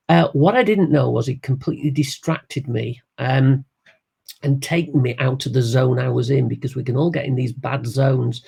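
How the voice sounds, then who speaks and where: Gravelly-voiced man telling stories. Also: mid-range voice, warm tone. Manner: anecdotal, explanatory, loose with fillers. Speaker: interview guest. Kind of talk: conversational interview.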